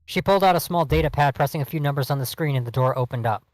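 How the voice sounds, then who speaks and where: A man's voice: on the high side, racing, hardly any pauses, dry recording, poor audio. A man hosting a podcast, reading fan fiction aloud for laughs. He stumbles over the text and cuts in with joking asides. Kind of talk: comic dramatic reading.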